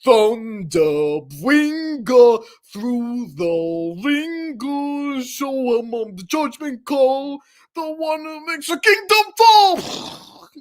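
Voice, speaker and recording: A man doing a booming phone-god voice. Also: lively intonation, very slow, exaggerated voice. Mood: grand.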